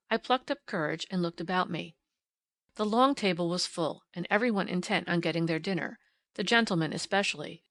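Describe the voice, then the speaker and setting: A woman's voice: mid-range voice, a bit bright, no echo, clean studio sound. A woman reading a classic novel aloud in scripted first-person audiobook narration, with a wry storytelling manner.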